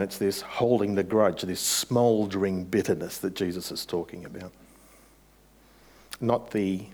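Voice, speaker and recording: Male pastor, low-pitched, conversational sermon delivery with building emphasis. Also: darkish tone.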